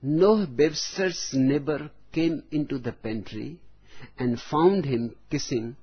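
A man giving a spiritual discourse, speaking deliberately, phrase by phrase, with long pauses. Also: fairly high pitch, breathy edge. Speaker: spiritual teacher. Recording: dull lo-fi recording.

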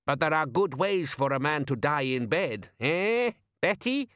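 A man's voice: on the high side, animated, measured pace, a bit bright, clear, resonant tone, no room sound, clean studio sound, voice pushed up. A man doing a cackling toothless old crone. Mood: knowing, teasing. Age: older. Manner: cackling, knowing.

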